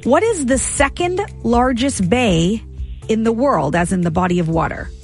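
A female radio co-host reads trivia questions and chats in a brisk way, laughing often. Her voice sits fairly high. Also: expressive, creaky, a little mellow, faint music behind.

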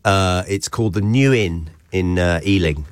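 Deep-voiced chatty radio host. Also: male voice, moderate pace. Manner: chatty, rambling, jokey. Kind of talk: casual radio chat. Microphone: studio mic.

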